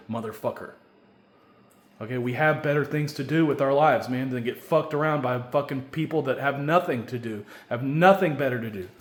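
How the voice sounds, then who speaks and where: A man delivering a rambling, angry, profane solo rant, now and then building to loud shouting. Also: mid-range voice, a little hiss or hum. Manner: angry, profane, repeats a stock filler question. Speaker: vlogger. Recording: echoey room.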